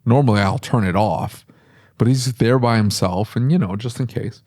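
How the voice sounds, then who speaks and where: A man, a podcast host who owns a repair shop, talking casually and telling animated stories with laughs. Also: moderate pace. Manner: animated storytelling with laughs, sudden high pitch for quoted voices.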